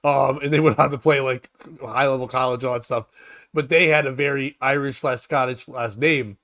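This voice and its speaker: A man's voice: mid-range voice, fairly even intonation, moderate pace, a bit bright. A man hosting a casual comedy talk show, rambling and profane as he jokes his way through news stories. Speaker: podcast host.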